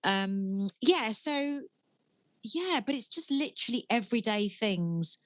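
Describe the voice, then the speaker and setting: A woman's voice: on the high side, expressive, takes it slowly, a bit bright, no room sound. A woman comedian, chatting animatedly at home as a podcast guest. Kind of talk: casual podcast conversation.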